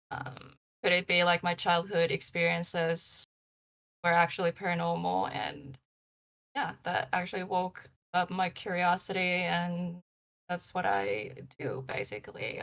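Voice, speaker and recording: Young woman guest, low gravelly voice, loose rambling delivery. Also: a bit bright. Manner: rambling, many likes and ums. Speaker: paranormal investigator guest. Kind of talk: casual live-show interview.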